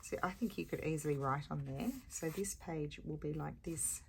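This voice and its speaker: A woman's voice: deep voice, moderate pace, vocal fry, slight background noise. A woman chatting casually while she works on a crafting project, rambling along with lots of fillers and little chuckles. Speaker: crafting vlogger.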